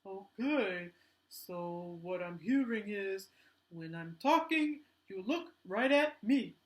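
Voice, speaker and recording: A woman's voice: mid-range voice, lively intonation, slow, pitched below the performer's own voice. A woman voicing an innocent, cheerful male sock puppet who talks in an earnest, wondering way.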